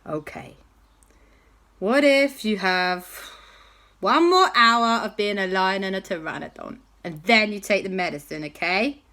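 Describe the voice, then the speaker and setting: A woman voicing a brisk, caring aunt in a bedtime story. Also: mid-range voice, expressive, pushed and bright. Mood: coaxing. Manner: brisk and motherly. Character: cheerful bossy aunt, caring and relieved.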